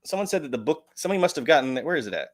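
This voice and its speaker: An American man hosting a live stream, reading chat messages aloud in a relaxed, joking way. His voice rises and falls animatedly as he rambles on. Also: a little high, very fast. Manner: lively, joking, chatty. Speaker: livestream host. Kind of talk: casual chat, reading donations.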